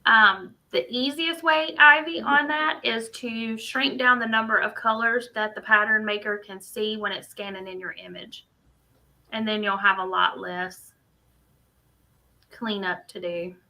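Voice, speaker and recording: A woman's voice: medium pitch, steady tone, unhurried, pushed and bright, low-quality recording. A woman, co-hosting a casual crochet livestream and thinking aloud as she works on screen. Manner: chatty, thinks aloud while working on screen.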